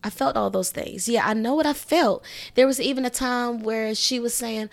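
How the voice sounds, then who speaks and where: A woman hosting a solo podcast in casual chat, emphatic and conversational, often checking in with "you know what I'm saying" and jumping up in pitch when she acts out reactions. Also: moderate pace, gravelly. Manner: animated, raises pitch when acting out reactions. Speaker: podcast host.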